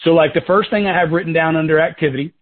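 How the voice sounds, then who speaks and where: A sales team leader and mentor talks to his team by telephone on a tinny conference call, his voice on the high side, fairly even, and rapid-fire. The coaching is casual and chatty, full of "guys" and wandering side stories.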